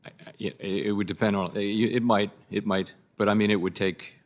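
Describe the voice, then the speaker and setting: A man testifying as a central bank chairman at a hearing, answering in a halting, cautious, hedging way into a desk microphone. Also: on the low side, little pitch movement.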